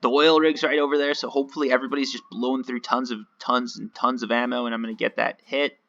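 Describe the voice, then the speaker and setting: A man's voice: mid-range voice, level tone, quick pace, gravelly, a bit bright, dull audio. A man giving casual, rambling, self-mocking commentary while playing a video game. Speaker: gaming video host.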